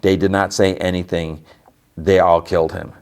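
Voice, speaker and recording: A man's voice: low-pitched, flat delivery, moderate pace, darkish tone, clear, resonant tone. A man hosting a podcast, casually retelling a TV episode scene by scene, full of "like" and restarts. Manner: rambling, filler-heavy retelling with lots of "like". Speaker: podcast host.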